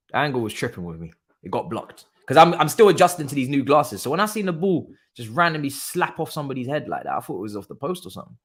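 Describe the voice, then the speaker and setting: A man streaming a live football watchalong, talking excitedly in slang and thinking aloud. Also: a little high.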